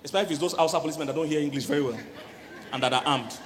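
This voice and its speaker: Animated man preaching in an echoey hall. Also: fairly high pitch, racing, some chatter behind, slight background noise. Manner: animated, laughing, acts out quoted voices. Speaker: relationship coach preaching. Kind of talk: church sermon on marriage.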